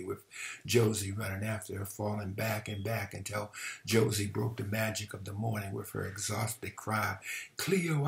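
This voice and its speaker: A man reads a novel aloud with a low voice that has a gravelly edge. His delivery is measured and steady, like a storyteller, with the odd slip he goes back to fix. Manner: measured storytelling with occasional restarts.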